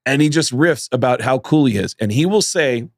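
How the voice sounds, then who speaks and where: A man co-hosting a comedy podcast, telling stories in casual chat with quick, animated bursts. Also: medium pitch, no room sound, studio quality. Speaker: podcast co-host.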